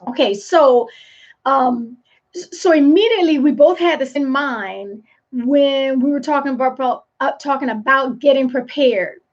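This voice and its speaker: A high-pitched woman speaks as a leadership coach in a motivational live talk. Her delivery is emphatic and preachy, with repeated phrases for weight. The sound is dull and lo-fi. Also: moderate pace.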